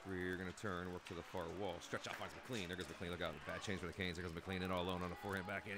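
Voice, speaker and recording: A man calling a youth hockey game play-by-play, excitable and jokey, shouting out the goals. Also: sits low, fast, hardly any pauses. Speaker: play-by-play commentator. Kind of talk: amateur youth hockey commentary. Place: hockey rink. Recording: noisy recording with rink ambience.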